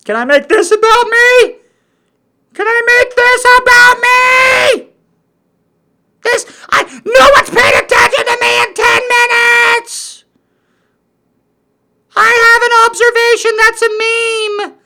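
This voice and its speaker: A shrill, wailing online commenter, as a man puts him on in a comic rant, shouting and near tears with need for attention. The voice sits far above the man's own, loud and strained. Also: slow, vocal fry, long pauses, very noisy, heavily acted. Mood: whining.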